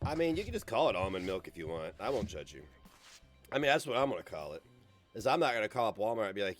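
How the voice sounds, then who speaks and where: In this clip the same kind of casual stream chat comes in a lower, sing-song voice at a quick pace, with faint music underneath. He's a young man from the United States, rambling crudely and sarcastically at his home computer.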